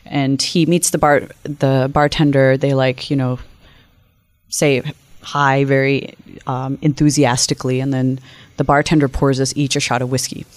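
A woman guest on an interview, telling a story in a lively, animated way at a quick clip. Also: rumbling low, dry recording. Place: conference venue.

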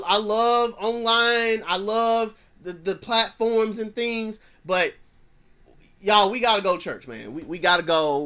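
Male pastor, thirties, fervent preacher, bright tenor voice, repeats himself for emphasis. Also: sits high. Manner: fervent, repeats phrases, plain-spoken slang. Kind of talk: preaching sermon.

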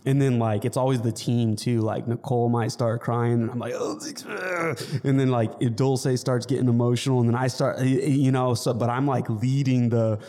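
A man's voice: mid-range voice, flat delivery, a little fast, few pauses, mellow. A man co-hosting a fitness podcast, talking earnestly in a casual, rambling way with many restarts. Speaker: fitness coach, podcast co-host.

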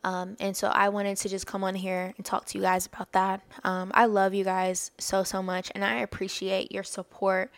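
A woman's voice: mid-range voice, flat delivery, normal speed, few pauses, no echo. A woman hosting a podcast, giving an earnest, faith-based talk of encouragement and often laughing mid-sentence. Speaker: podcast host.

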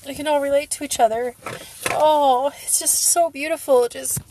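A woman's voice: high voice, steady tone, moderate pace, noisy background. A woman hosting a casual solo podcast, emotional, laughing and crying as she gushes. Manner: emotional, laughing and tearful, gushing. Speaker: podcast host.

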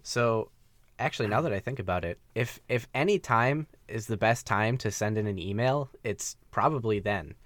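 A man co-hosting a casual gaming podcast, relaxed and full of fillers, laughing often. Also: lowish voice, moderate pace, dry recording. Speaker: podcast co-host. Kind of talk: casual chat.

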